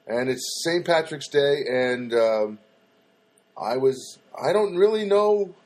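A man hosting his own show from a studio apartment, musing through a rambling comic monologue with lots of fillers and self-corrections. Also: fairly high pitch. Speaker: host of a comedy web show.

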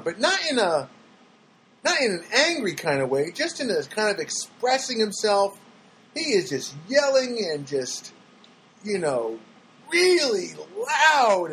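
A man's voice: high voice, slight background noise, poor audio. A man telling an everyday story as a sarcastic, exasperated rant, rambling with restarts. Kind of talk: storytelling monologue.

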